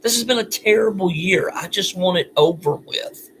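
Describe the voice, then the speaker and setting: A man's voice: high voice, moderate pace, fairly bright tone, slight background noise. A man venting alone at home at night, weary and bitter, sighing often. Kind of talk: venting monologue.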